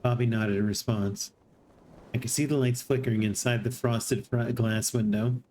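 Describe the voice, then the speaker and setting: A streamer reading a text adventure aloud in an even voice, with amused asides now and then. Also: medium pitch, moderate pace, a little hiss or hum. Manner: reads narration evenly and breaks in with surprised laughing asides.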